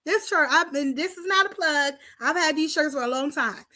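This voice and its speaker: Woman host from Paterson, New Jersey, impassioned preacher-style address to the community, bright and sharp voice. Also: sits high, normal speed. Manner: preachy call-and-response, rallying the audience; talks straight to the viewers, repeating lines for emphasis. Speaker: host of a community talk show.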